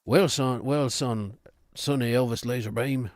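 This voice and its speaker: Gruff southern dad drawling slow and indignant, some guy doing the voice, dry close mic. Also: mid-range voice, steady tone, dry recording, close to an everyday voice. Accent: Southern US, put on.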